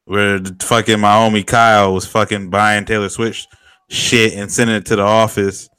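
A laid-back young man in casual podcast talk, with a bright, smooth voice recorded close and dry. He talks in loose slang and often lets his voice sink to a quiet mumble. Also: on the low side, flat delivery, moderate pace, no room sound. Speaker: podcast co-host. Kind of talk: casual chat.

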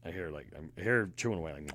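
A man co-hosting a podcast, telling stories in a casual, profane, animated way. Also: extremely low pitch. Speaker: podcast co-host. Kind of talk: casual chat, storytelling.

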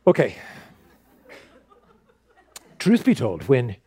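A man's voice: medium pitch, wildly swooping pitch, extremely slow, mellow, slight background noise, heavily acted. An actor playing a pompous, starstruck male newsman who gushes, fumbles and gets flustered as he interviews a guest. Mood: rambling. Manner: flustered, fawning, voice cracking. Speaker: host. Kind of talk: comedic character interview.

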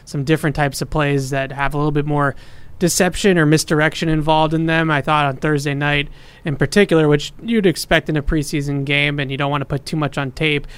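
A man talks through football tactics on a podcast in detailed, analytical breakdowns. His voice sits a little high and sounds smooth and clear. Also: flat delivery, fairly quick, a bit bright, no room sound. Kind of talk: sports podcast chat.

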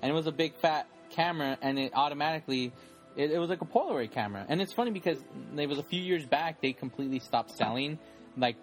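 A man co-hosting a casual podcast who laughs often and throws in quick interjections. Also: on the high side, soft background music.

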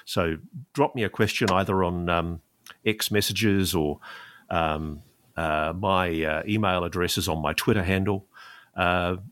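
A man speaking as an investigative journalist guest in an animated interview, emphatic and sarcastic. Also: low-pitched, unhurried, no echo. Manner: emphatic, sarcastic, mocking quoted officials.

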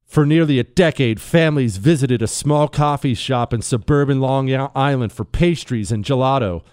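A man hosting a talk radio show, delivering an opinionated monologue with sarcastic asides and sudden playful jumps in pitch. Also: normal speed, smooth, no room sound, studio quality. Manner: sarcastic, animated, jumps to a high playful voice when joking.

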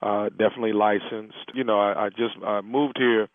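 A man playing a male hairstylist asking about salon space on a prank phone call, talking haltingly with many restarts. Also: fairly low pitch, fairly even intonation, dry recording, natural voice. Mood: earnest. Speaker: prank caller. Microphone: telephone. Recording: tinny phone line.

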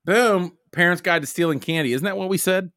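A man's voice: sits high, fairly quick, fairly bright tone, no room sound, clean studio sound. A man hosting a casual podcast from home, loose and jokey, saying "dude" all the time. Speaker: podcast host.

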